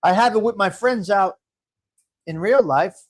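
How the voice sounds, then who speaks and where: A middle-aged man with a high voice hosts a casual livestream at a measured pace. He reads viewer comments and rambles along, laughing often.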